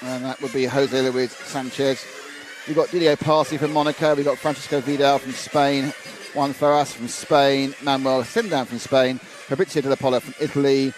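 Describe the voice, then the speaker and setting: A man's voice: mid-range voice, level tone, moderate pace. A man commentating live on a radio-controlled car race, chatting casually and reading out viewer messages with asides. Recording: noisy trackside with engine sounds. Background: race car engines and ambience.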